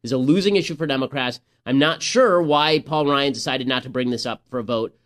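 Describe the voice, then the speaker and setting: A man's voice: mid-range voice, a little fast, few pauses. A man hosting a political commentary podcast, talking in a sarcastic, mocking way. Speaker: podcast host.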